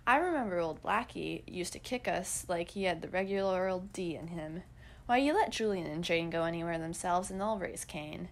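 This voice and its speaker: A woman's voice: mid-range voice, close to an everyday voice. A young woman voicing a fretful, scolding middle-aged mother from the country in a storybook diary reading. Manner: scolding, pleading.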